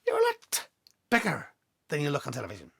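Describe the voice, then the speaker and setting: A man voicing a jokey Scottish male baggage handler with a deadpan wit and a high put-on voice. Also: brisk, vocal fry, slightly rough, no echo, clean studio sound, heavily acted. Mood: teasing.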